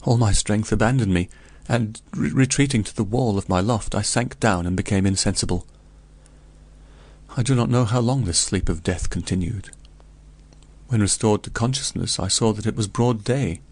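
A man reading a gothic tale aloud in the first person, in a measured, solemn way. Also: on the low side, a little mellow, slightly rough. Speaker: audiobook narrator.

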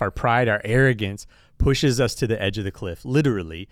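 Man, pastor, low voice, dry close sound, relaxed storytelling, acts out characters. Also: moderate pace, no echo. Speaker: pastor and podcast co-host. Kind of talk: casual church podcast chat, storytelling.

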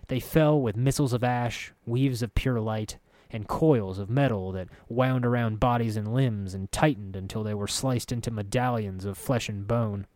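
A man narrating a dark first-person fantasy story in a measured, vivid way. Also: lowish voice, dry recording.

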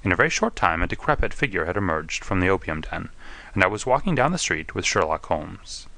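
Deep-voiced man narrating a story. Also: big pitch swings, brisk, sharp tone, no room sound. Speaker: audiobook narrator. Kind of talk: first-person story narration.

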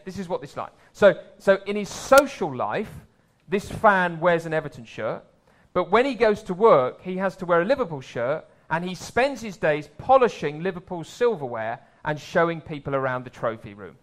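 Preacher with a lightly raised voice. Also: male voice, big pitch swings, moderate pace. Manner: conversational, swells louder for emphasis and drops low for asides. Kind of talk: sermon.

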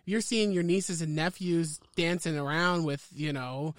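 Chatty higher-voiced male podcaster. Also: measured pace, dry recording, studio quality. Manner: chatty, hesitant restarts, playful. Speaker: podcast co-host. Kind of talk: casual podcast banter.

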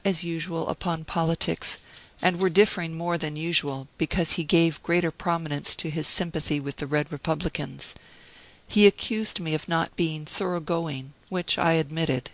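A man reading a story aloud, with measured narration that rises in force on the quoted speech. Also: a little high, a bit bright, dry recording, poor audio. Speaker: audiobook reader. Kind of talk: scripted narration.

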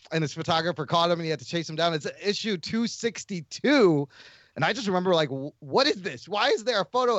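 A man co-hosting a podcast, chatting casually in an excitable, halting way. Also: fairly high pitch, no echo. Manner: excitable, halting, full of fillers and restarts. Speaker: podcast co-host. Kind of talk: casual chat. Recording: dry, dull lo-fi mic.

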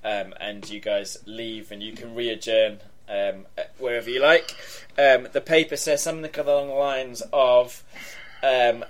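A man narrating as game master in a relaxed, halting way with many fillers. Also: medium pitch.

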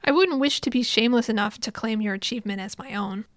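A woman voicing a stern young noblewoman commander in a formal, measured way, read in a recap. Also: a little high, dry recording, clean studio sound, lightly acted.

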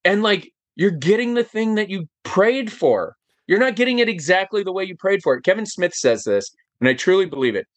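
A man talking as a podcast guest in casual chat, animated and emphatic, firing off rhetorical questions. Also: high voice, a little fast, no echo.

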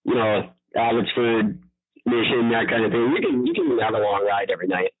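A man's voice: on the low side, steady tone, fairly quick, dry recording. A man from Vancouver co-hosting a podcast, chatting casually, with frequent ums and restarts as he makes his points. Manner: hesitant, many ums, stops and restarts, opinionated. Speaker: podcast co-host. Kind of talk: casual chat. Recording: tinny phone-like audio.

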